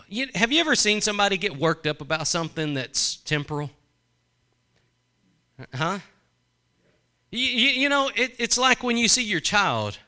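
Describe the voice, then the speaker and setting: A man's voice: high-pitched, sing-song, moderate pace, pauses often, pushed and bright. A man preaching a sermon in a conversational way, asking the congregation questions and acting out quoted voices.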